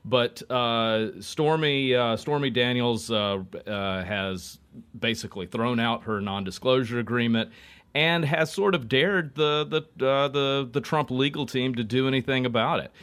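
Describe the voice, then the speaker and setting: A man, a political reporter, speaking haltingly with many fillers. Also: mid-range voice, fairly bright tone, clear, resonant tone. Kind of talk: guest political commentary.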